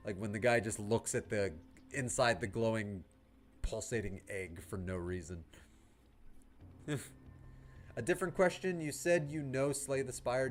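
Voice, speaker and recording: A man's voice: medium pitch, fairly bright tone. A man streaming a game, chatting casually with viewers, with lots of fillers and laughs. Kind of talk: casual livestream chat.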